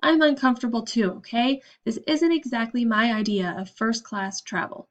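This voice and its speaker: Storybook sixth-grade boy, sarcastic and exasperated, read by a woman; high-ish, slightly muffled home take. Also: moderate pace, natural voice. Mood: irritated. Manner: grumbling, exasperated.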